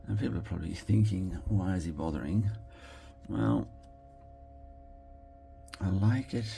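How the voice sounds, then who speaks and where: Australian man, deep voice, gravelly, thinks aloud while crafting, soft approving murmurs. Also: unhurried, slight background noise. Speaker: card-making crafter. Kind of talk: casual commentary while crafting.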